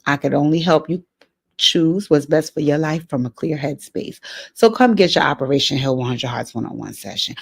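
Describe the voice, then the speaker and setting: A woman's voice: low-pitched, moderate pace, vocal fry, husky. A woman hosting an advice vlog, talking earnestly to a letter writer, often repeating her key phrases and getting emotional. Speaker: advice show host.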